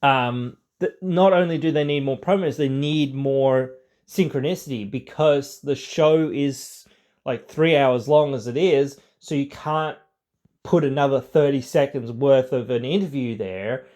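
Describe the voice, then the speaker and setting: A man's voice: medium pitch, measured pace, darkish tone. A man hosting a podcast, talking casually in a rambling way, with lots of fillers. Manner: rambling, heavy filler words. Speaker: podcast host.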